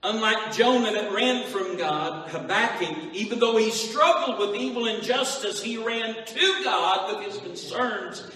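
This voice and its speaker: A man preaching a slow sermon in a high voice, drawing out his words. His voice rings through a large echoing hall, heard from a distance away from the mic. He climbs into sing-song emphasis and throws rhetorical questions at the congregation. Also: sharp tone. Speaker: pastor. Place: church hall. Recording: echoey hall from far off.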